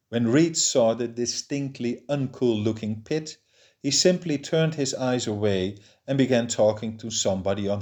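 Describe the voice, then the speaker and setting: An audiobook reader with a mid-range voice narrates a novel, keeping his reading steady and measured.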